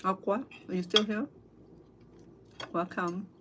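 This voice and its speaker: A middle-aged woman with a Cambodian accent, chatting casually with livestream viewers over dinner at home, halting, full of fillers and restarts. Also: mid-range voice, heavy background noise. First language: Khmer. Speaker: cooking vlogger and interpreter. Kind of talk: casual livestream chat while eating.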